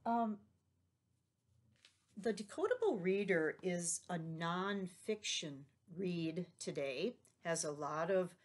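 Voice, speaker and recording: A woman's voice: on the low side, a little mellow. A woman teacher giving a recorded lesson to young children, patient and encouraging, explaining each step. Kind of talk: recorded remote class lesson.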